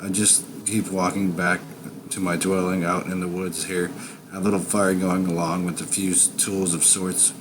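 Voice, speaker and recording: Guy with a really low voice telling a creepy forest story, slow menacing drawl, noisy background hiss. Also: flat delivery. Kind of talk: first-person scary story narration.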